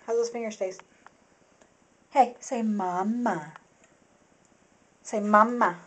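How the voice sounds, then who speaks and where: A woman's voice: medium pitch, takes it slowly, a little hiss or hum. A woman filming her toddler at home on a handheld camera, coaxing the child in sing-song baby talk and repeating short phrases.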